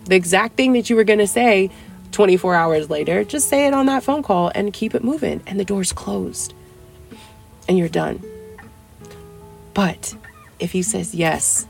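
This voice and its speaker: A young adult woman hosting a casual dating-advice podcast, chatty and playful, acting out little dialogues with big jumps in pitch. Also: animated, a little slow, gravelly, long pauses, faint music behind. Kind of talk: casual solo podcast talk.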